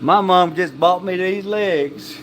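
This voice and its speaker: Forrest Gump, slow and earnest, as a man mimics him. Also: high-pitched, a little hiss or hum, voice pushed up. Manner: slow, drawn-out earnest delivery. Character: slow, simple-hearted Southern man, earnest.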